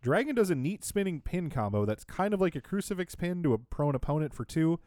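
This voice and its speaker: A man's voice: a little high, sing-song, fairly quick, a little mellow, no echo, studio quality. A man co-hosting a podcast, recapping in casual chat with a sarcastic, wry tone and frequent laughs. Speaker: podcast co-host.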